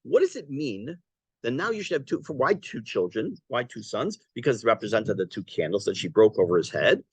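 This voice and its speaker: Lively rabbi explaining a Talmud story. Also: male voice, mid-range voice, breathy edge, dry recording. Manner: translates Aramaic phrase by phrase, lively and conversational; halting restarts and fillers while explaining. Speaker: rabbi teaching a class.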